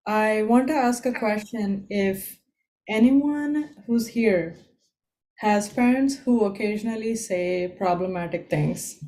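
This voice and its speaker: A woman performing a stand-up comedy set over a video call, telling deadpan stories and quoting her parents. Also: mid-range voice, rough recording. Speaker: open mic comedian.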